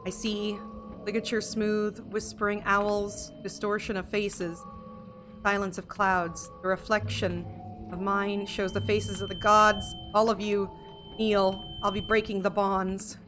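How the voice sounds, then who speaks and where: A woman reading the lines of a sorrowful young witch heroine from a game, slow and solemn. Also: medium pitch, level tone, lightly acted. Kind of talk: reading game dialogue aloud. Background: game music.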